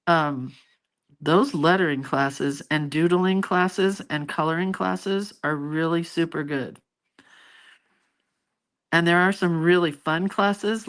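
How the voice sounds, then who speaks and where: A middle-aged woman hosts a laid-back live stream, rambling familiarly as she chats with viewers and reads their comments aloud. Her voice is lowish and she speaks slowly.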